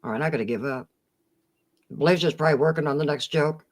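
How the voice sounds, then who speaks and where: A woman's voice: low voice, fast talker. A woman co-hosting a live stream, giggling often and reading viewer comments aloud in casual chat. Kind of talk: casual late-night chat.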